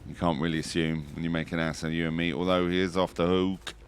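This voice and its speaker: A man giving live commentary on a competitive online match, chatty and jokey, breaking into excited high exclamations. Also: fast, slight background noise. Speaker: esports commentator.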